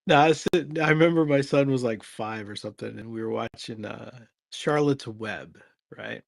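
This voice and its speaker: A man's voice: mid-range voice, moderate pace, gravelly, no echo. A man, an actor hosting a casual live chat, rambling and laughing often, tired after a long day. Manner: laid-back, rambling, laughs often, swears. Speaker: actor and host.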